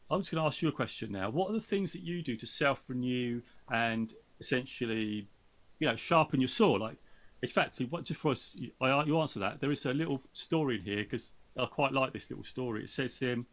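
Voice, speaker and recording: A man's voice: medium pitch, lively intonation, a little fast, fairly bright tone. A man hosting a podcast in casual chat, rambling with lots of fillers and restarts. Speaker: podcast host.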